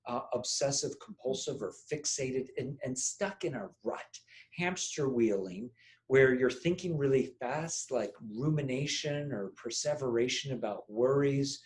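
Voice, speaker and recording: A man's voice: medium pitch, a little slow, echoey room, rough recording. A man leading a meditation workshop, playfully demonstrating phrases and changing his voice to model them. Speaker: meditation teacher. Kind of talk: guided group workshop.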